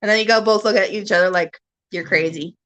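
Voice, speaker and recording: A woman's voice: medium pitch, fairly even intonation, racing, a bit bright. A woman from Ontario with a Canadian accent, hosting a rambling, casual chat at home and laughing often. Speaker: livestream host. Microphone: camera on a stand.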